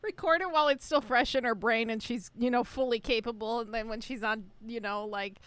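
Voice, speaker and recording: Bright, teasing female podcast co-host. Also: a little high, a little fast, smooth, no echo. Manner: teasing, giggly, sings snatches. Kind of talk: casual chat.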